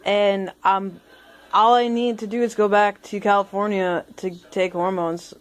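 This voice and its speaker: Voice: medium pitch, level tone, measured pace. Insistent young adult pleading with a parent. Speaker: adult child arguing with a parent.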